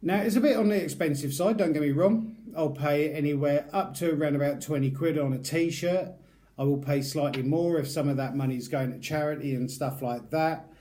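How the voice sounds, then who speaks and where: Middle-aged British YouTuber with a mellow, relaxed voice; loose and informal, talking through a review. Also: male voice, on the high side, normal speed. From United Kingdom. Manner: chatty, rambling, loose and informal. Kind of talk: casual product review.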